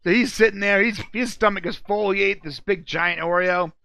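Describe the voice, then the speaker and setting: A man's voice: sits high, normal speed, vocal fry, pushed and bright, dry recording, dull audio. A man from California co-hosting a show, joking and telling game matchups as loose, self-mocking stories. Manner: jokey, laughs at himself, loose storytelling. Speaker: co-host. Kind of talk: casual comedic chat, narrating game matchups.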